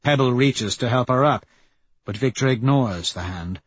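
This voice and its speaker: Husky-voiced male audiobook narrator. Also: mid-range voice, normal speed, no room sound, lo-fi sound. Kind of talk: scripted first-person audiobook narration.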